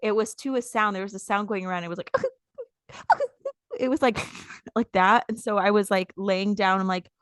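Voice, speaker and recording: A woman in her thirties co-hosting a podcast in casual chat, telling stories animatedly and acting out quotes loudly. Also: mid-range voice, fairly even intonation, fast, hardly any pauses, clear, resonant tone, dry recording, studio quality. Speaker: podcast co-host.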